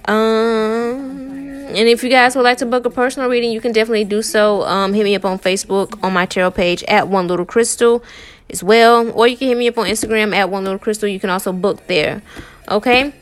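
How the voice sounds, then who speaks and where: Brisk and fairly high-pitched, with a fairly even intonation, a woman tarot reader encourages her viewers in a casual pep talk. She talks loosely, repeats herself, and keeps saying "y'all" and "man."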